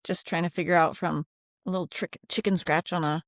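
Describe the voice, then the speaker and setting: A woman's voice: on the low side, a little fast, no echo, studio quality. A woman co-hosting a casual professional podcast chat as an oral surgeon, telling stories and mimicking worried patients. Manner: animated storyteller who mimics worried patients.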